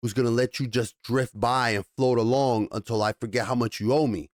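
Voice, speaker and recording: A man's voice: medium pitch, fairly even intonation, fairly quick, no room sound, clean studio sound, close to an everyday voice. A man voicing a pushy male debt collector who talks bluntly and bullies. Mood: demanding. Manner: blunt, bullying.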